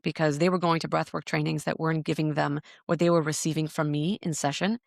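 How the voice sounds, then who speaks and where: Earnest woman with a gravelly edge. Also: low voice, level tone, quick pace, dry recording, studio quality. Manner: earnest, searching, repeats words while thinking. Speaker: podcast guest, breathwork teacher. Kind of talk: reflective interview storytelling.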